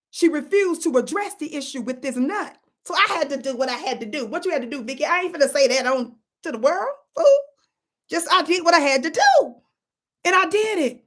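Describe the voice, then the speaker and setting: Animated high-voiced woman telling a story. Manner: animated, repeats "watch this", drops to whispers for quotes. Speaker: channel host. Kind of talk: storytelling vlog.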